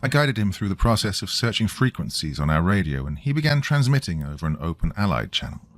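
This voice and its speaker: A man reading a scripted horror story in a slow, grave storytelling way. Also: deep voice, sing-song.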